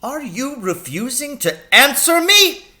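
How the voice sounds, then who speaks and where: A man reading aloud, voicing a bullying strict male schoolteacher who barks and shouts. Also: fairly high pitch, very animated, takes it slowly, voice pushed up, heavily acted. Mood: barking angry. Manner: barking, menacing.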